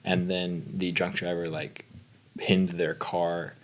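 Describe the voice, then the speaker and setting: A man who is a guest on a podcast, talking in casual chat, halting and trailing off as he speaks. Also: low voice, flat delivery, very noisy. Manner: halting, trails off, laughs between words.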